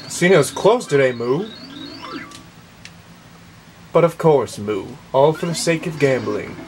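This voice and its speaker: A man commenting on his gameplay, shouting moo on a dare and swearing with excitement. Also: on the high side, normal speed. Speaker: let's play gamer. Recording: game music behind the voice.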